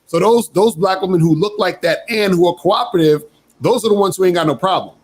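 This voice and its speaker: A man's voice: sits high, brisk, darkish tone, husky. A man on a livestream panel, rambling and checking in with the listener. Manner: rambling, checking in with "you see what I'm saying".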